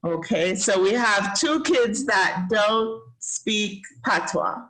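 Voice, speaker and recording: A woman's voice: mid-range voice, lively intonation, takes it slowly, a bit bright, low-quality recording. Upbeat Jamaican woman teaching kids. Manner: encouraging and upbeat, praises often. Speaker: host teaching children. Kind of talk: casual teaching chat.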